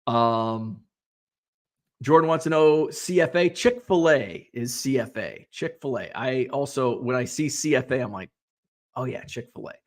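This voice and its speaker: A man's voice: mid-range voice, a little slow. A middle-aged man hosting a casual live stream, reading viewer comments aloud and chatting back. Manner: chatty, animated, reads comments aloud and reacts. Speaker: host.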